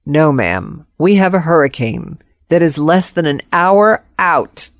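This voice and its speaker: Woman playing a flat, official phone operator, slowish and low, dry sound. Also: dry recording. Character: tinny, businesslike woman on the phone.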